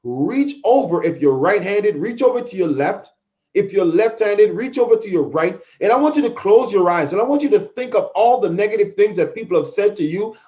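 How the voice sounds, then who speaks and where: A man's voice: high-pitched, a little mellow, highs cut off. A middle-aged man hosting a podcast, giving a fervent motivational talk that repeats phrases for emphasis. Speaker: podcast host, motivational speaker.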